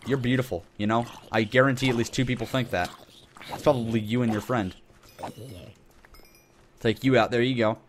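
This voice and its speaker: A young man chatting his way through a video game, loose and jokey. He rambles, backtracks and corrects himself as he talks, at a mid-range pitch. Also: fairly even intonation, normal speed, long pauses, a little hiss or hum. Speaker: gaming channel host. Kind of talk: casual game commentary.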